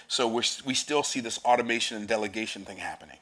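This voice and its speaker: A man's voice: lowish voice, fast, hardly any pauses, fairly bright tone. A man preaching a sermon, reading scripture aloud and explaining it with emphatic, rising declarations.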